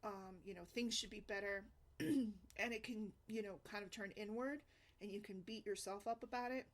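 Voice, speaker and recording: A woman's voice: medium pitch, steady tone, moderate pace. A woman talking earnestly in a casual vlog, conversational and often asking "right?". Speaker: single mom blogger.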